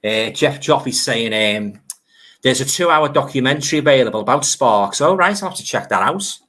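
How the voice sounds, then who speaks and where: An older man chats loosely on his live stream. He talks at a mid pitch in an easygoing, nostalgic way and laughs often as he reads out comments. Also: expressive, normal speed, sharp tone. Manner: chatty, nostalgic, laughs easily. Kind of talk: casual chat reading viewer comments.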